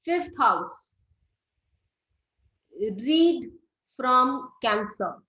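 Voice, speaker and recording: A woman's voice: fairly high pitch, lively intonation, very slow, pushed and bright. A middle-aged woman gives a classroom lecture, explaining step by step and quizzing her students. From India. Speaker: astrology teacher. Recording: roomy, slightly dull recording.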